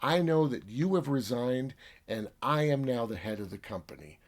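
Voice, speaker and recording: A proud male scientist asserting his authority with indignation, as a man puts him on. The delivery stays close to the man's own middle-pitched voice. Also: animated, normal speed, lightly acted. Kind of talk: casual story retelling.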